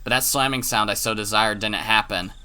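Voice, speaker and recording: Man, let's play host, reads visual novel aloud, very bright tone, dramatic, swears in asides. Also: on the low side, fairly even intonation, fairly quick, smooth, faint music behind. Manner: dramatic reading with profane asides and stumbles.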